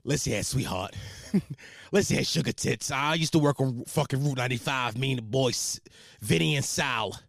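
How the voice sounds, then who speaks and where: A man putting on a brash, gruff older Italian-American tough guy voice, talking down in a drawn-out way. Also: medium pitch, a bit bright, no echo, clean studio sound. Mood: swaggering.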